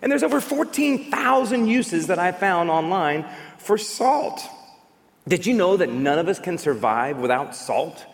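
A man's voice: sits high, very animated, measured pace, in a large hall. A man preaching a sermon as a pastor, emphatic and full of rhetorical questions.

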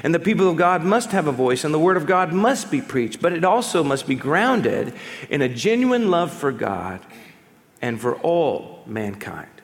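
A man preaching a sermon as pastor, in an animated, conversational way with touches of humor. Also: a little high, moderate pace. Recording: long reverb of a large hall.

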